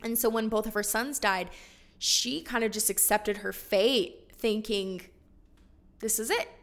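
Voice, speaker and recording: A bubbly woman walks through a Bible story as a casual lesson, chatty and quick with laughing asides. Her voice is bright and crisp. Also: medium pitch, steady tone. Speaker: Bible teacher.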